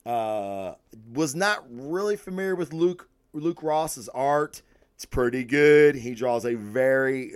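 A man hosting a comic news podcast, ranting excitedly and swearing as he reviews books, often repeating himself when worked up. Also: mid-range voice, clean tone, no room sound, clean studio sound. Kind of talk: casual comic review rant.

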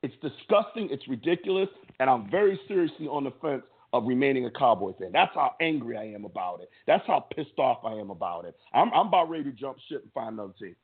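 A husky-voiced man co-hosts a sports show and rants with heat and emphasis, often stammering as he restarts his thoughts. His voice sits at an ordinary pitch for a man. The sound is thin and narrow, like a phone line. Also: big pitch swings, fast talker, few pauses. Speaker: sports podcast co-host. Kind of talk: impassioned opinion rant. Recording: tinny phone-like audio.

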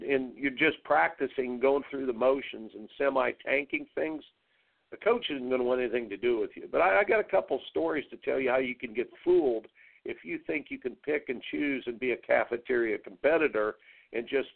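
A middle-aged tennis coach talks on his radio show, wandering through anecdotes and doubling back on his words. His voice has a gravelly edge and sits at an ordinary pitch. It comes through a narrow, phone-like line. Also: moderate pace. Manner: rambling, repeats words, tells stories with quoted dialogue.

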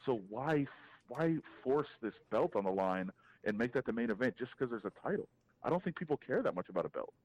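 A man, a fight reporter calling in as a podcast guest, giving an animated, opinionated breakdown with frequent restarts. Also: mid-range voice, fairly quick, lo-fi sound. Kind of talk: casual podcast interview, calling in.

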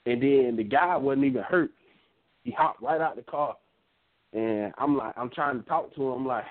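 A man co-hosting a wrestling show, telling a story in a relaxed, casual way with a Southern dialect. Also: mid-range voice, normal speed. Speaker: podcast co-host. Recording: phone-line audio.

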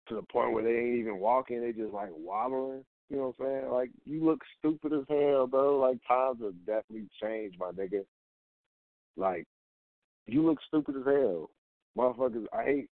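A man's voice: mid-range voice, dry recording. A man hosting a casual, profane rant, blunt and repetitive, firing rhetorical questions at the things he hates. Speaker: host of a rant show. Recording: dry, tinny phone-like sound.

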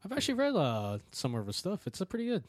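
A man's voice: high-pitched, wildly swooping pitch, fast talker, no echo. A man co-hosting a podcast in casual chat, asking questions and cracking dry jokes. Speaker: podcast co-host.

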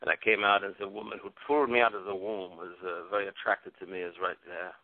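A man's voice: low-pitched, fairly even intonation, fast, dry recording. A man putting on a boastful male love expert with a Venezuelan accent, who brags about himself by name, heard over a tinny phone line. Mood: smug boasting. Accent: Venezuelan Spanish. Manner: self-adoring, speaks of himself by name.

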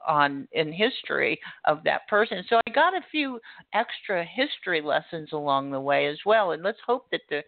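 Gravelly-voiced radio host, phone-like sound. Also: mid-range voice, no room sound. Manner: chatty, enthusiastic, stumbling restarts. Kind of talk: radio interview. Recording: tinny dry phone-like audio.

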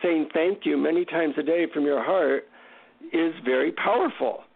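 A man guesting on a radio show tells a lively, funny personal story. His voice is slightly high and gravelly. It reaches the listener through a narrow, phone-like line. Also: normal speed. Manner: animated, humorous anecdote telling. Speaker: guest author.

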